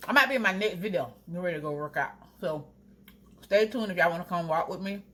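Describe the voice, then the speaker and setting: A young woman in braces chatting casually to her viewers while she cooks at home, talking straight to them with drawn-out asides. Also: fairly low pitch, bright, forceful tone. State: wearing new braces, teeth clanging. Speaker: vlogger. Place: home kitchen. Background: food sizzling in a pan.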